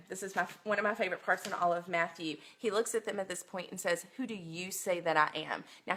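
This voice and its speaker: Bright-voiced woman teaching scripture. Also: mid-range voice. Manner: earnest, emotional storytelling with many ums. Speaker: Bible study teacher. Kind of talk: livestreamed Bible lesson. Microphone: phone.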